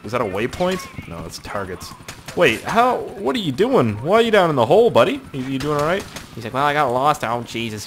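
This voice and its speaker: An excitable male gamer narrating his own play in loose, off-the-cuff commentary, swinging his pitch all over as he yelps, swears and laughs. Faint gunfire from the game hums along underneath. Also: slight background noise. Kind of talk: casual gameplay commentary.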